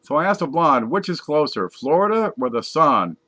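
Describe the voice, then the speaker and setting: A man casually reading jokes aloud from a page, putting on higher voices for the punchlines. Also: big pitch swings, moderate pace, sharp tone. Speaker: joke reader.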